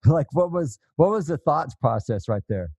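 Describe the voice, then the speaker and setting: A man's voice: on the high side, expressive, normal speed, darkish tone, husky, dry recording. Guy hosting an interview, loose rambly questions, dry mic. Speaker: interview host.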